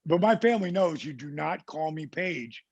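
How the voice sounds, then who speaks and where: A man from New Jersey, a podcast guest, telling a casual story in an animated way and acting out the people he quotes. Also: on the high side, normal speed, dry recording, muffled recording. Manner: animated anecdote teller who acts out the people he quotes.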